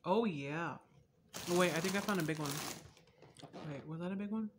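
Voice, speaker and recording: A young woman vlogging a casual taste test, candid and chatty, swearing freely and drifting between soft asides and loud laughing outbursts. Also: lowish voice, moderate pace, background noise.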